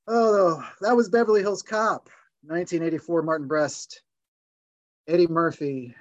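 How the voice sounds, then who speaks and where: A man's voice: a little high, unhurried, dry recording, highs cut off. A man hosting a film podcast, chatting in a playful, joking way. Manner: playful, jokey. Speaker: podcast host. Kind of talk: casual film discussion.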